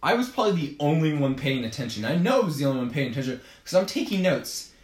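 A young man talking casually on a podcast, joking around and teasing his friend, his pitch bouncing all over as he laughs often. His voice sits a little high and rings in a roomy, echoing space. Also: very animated, fast talker. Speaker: podcast guest. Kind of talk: casual chat.

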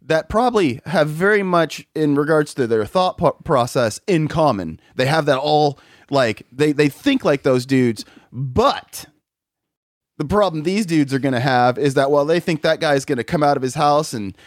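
Man, somewhat high voice, profane rant, casual podcast talk, dry sound. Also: expressive, moderate pace, no room sound. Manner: profane, ranting, laughs between points. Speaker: podcast host. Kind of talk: casual chat.

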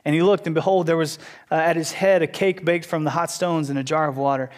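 Male preacher, somewhat high voice, conversational and animated while teaching scripture. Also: fairly quick. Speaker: Bible teacher. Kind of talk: sermon.

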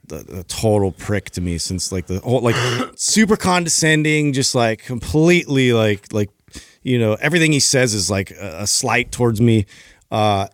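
A man co-hosting a podcast, telling a story in a relaxed, rambling way. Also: mid-range voice, dry recording, clean studio sound. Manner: laid-back, rambling with fillers. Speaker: podcast co-host. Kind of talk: casual storytelling chat.

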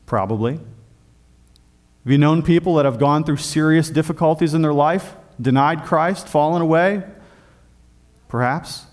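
Emphatic male preacher, slightly high voice. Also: unhurried, pauses often. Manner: emphatic preaching, dropping low and soft on key points. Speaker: pastor. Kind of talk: sermon.

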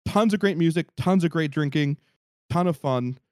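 A man telling a story in casual podcast chat, animated and profane, acting out what people said. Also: a little high, moderate pace, dry recording, studio quality. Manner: animated, profane, acts out quotes.

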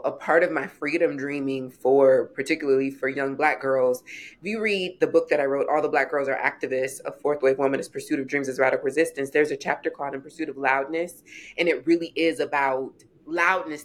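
Woman, 40s, author and interview guest, lively storyteller who acts out quotes. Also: sits low, brisk. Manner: animated storyteller, acting out quoted voices.

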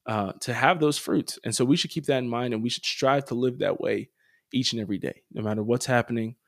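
A man talks in a blunt, opinionated way on his commentary podcast, swearing now and then before turning to earnest encouragement. His voice sits at an ordinary middle pitch. The sound is dry and close, with no room echo. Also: brisk. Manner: earnest and exhorting. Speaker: podcast host.

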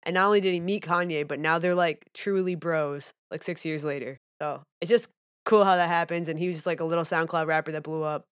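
A woman's voice: low-pitched, steady tone, a little fast, clean tone. A woman co-hosting a podcast in casual, joking chat. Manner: chatty, joking. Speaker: podcast co-host.

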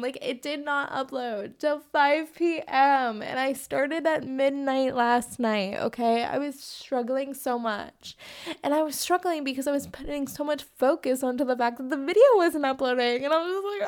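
Chatty high-voiced young woman podcaster. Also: normal speed, darkish tone. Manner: candid, chatty, swears freely, frequent "like" fillers. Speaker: podcast host. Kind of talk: casual solo podcast monologue.

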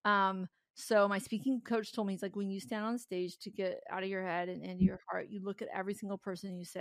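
A woman guest talking candidly in a podcast interview, earnest and animated, with bursts of laughter. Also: medium pitch, fast, few pauses, dry recording, clean studio sound. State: tearful. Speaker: podcast guest, company founder.

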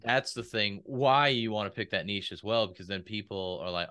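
A man's voice: fairly low pitch, normal speed, pushed and bright. A man talking casually in a podcast conversation about speaking and business, and he acts out quoted voices.

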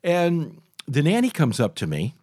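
A man's voice: on the high side, unhurried, husky, no room sound. An older male talk show host, in his sixties, spins a rambling personal story. His voice rises and falls a lot as he talks, with plenty of restarts. The sound is close and dry. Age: 60s. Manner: chatty, animated, frequent restarts and asides. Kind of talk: casual storytelling monologue.

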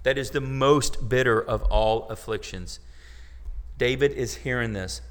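A man's voice: medium pitch, measured pace. A man preaching a sermon to his congregation, talking in a conversational way with joking asides. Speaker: pastor. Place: church sanctuary. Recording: long hall reverb.

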